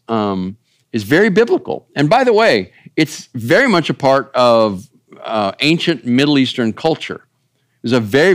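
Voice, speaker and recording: A pastor giving a relaxed, chatty sermon, his voice rising and falling freely as he wanders from point to point. He keeps checking in with his listeners. The sound is close and dry. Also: medium pitch, no room sound. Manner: folksy, rambling, asks the audience. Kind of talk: conversational sermon.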